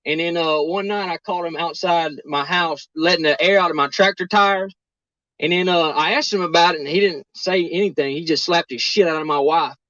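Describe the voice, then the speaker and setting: A man's voice: fairly high pitch, a little fast, pushed and bright, no echo. A man doing a crude country farmer. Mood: matter-of-fact. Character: crude rural male farmer. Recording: dull lo-fi clip audio.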